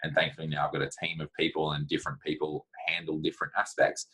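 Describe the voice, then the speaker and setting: A man's voice: extremely low pitch, monotone, quick pace, pushed and bright, slightly rough, poor audio. A man giving blunt, practical career advice in a casual talk to camera, with plenty of fillers.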